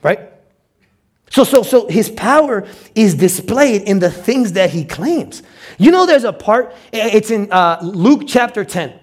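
A male pastor preaching with a notably high voice. He swings into quoted voices and repeats words as he pushes his points along. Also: measured pace. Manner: animated, acts out quotes with stammered repeats. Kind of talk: sermon.

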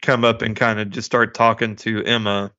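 A man co-hosting a relaxed movie podcast, lively and quick to laugh as he acts out bits of scenes. His voice is bright and forceful. The recording is dry and a bit dull in tone. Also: on the low side, no room sound. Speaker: podcast co-host. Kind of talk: casual movie review chat.

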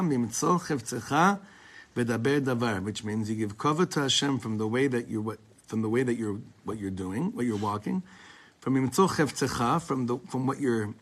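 A man giving an informal Torah class, talking conversationally and quoting Hebrew texts. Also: mid-range voice. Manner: conversational, restarts and quotes in Hebrew. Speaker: Torah teacher.

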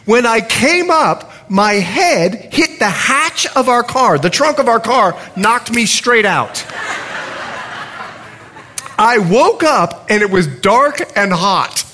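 A middle-aged man preaches with a high, bright pitch that swings widely up and down as he tells stories. He keeps things humorous, slipping into other people's voices in his own retellings, and his delivery stays animated from line to line. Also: takes it slowly. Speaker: pastor. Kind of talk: sermon with storytelling.

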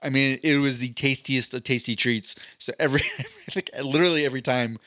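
A man of ordinary pitch, neither high nor low, spins a meandering story on a podcast, loose and casual with the odd curse word. His voice comes across close and dry, with no room around it. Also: fairly even intonation, a little fast, a bit bright, no echo. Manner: rambling anecdotal storytelling with profanity. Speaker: podcast co-host. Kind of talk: casual chat.

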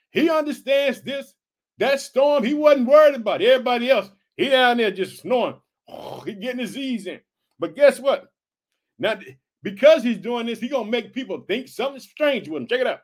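A man with a strikingly high voice preaches in a loose, conversational style. He keeps calling out short prompts to his listeners as he goes. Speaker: Bible teacher. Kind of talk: casual sermon.

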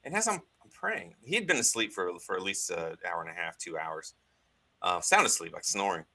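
Earnest man with a bright, low voice. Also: lively intonation, low-quality recording. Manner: earnest, halting, many restarts. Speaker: guest. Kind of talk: telling a personal story in an interview.

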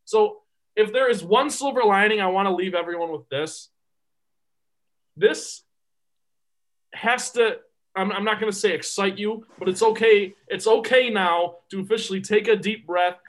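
A man's voice: high-pitched, normal speed, poor audio. A man co-hosting a sports podcast, talking casually and emphatically, often repeating words as he gets going. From Detroit area. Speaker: podcast co-host.

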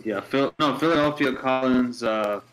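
A man's voice: mid-range voice, moderate pace, noisy background. Rambling, stammering man in casual banter. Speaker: co-host watching wrestling.

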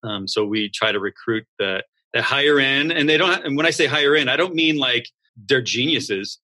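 Relaxed and conversational, this medium-pitched man, who started a school, gives an interview. Along the way he quickly mimics the voices of coaches and students.

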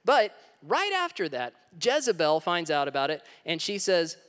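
A man preaching a sermon as a pastor, retelling a story dramatically with big swings in pitch and loudness. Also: very animated, normal speed, hardly any pauses, in a large hall.

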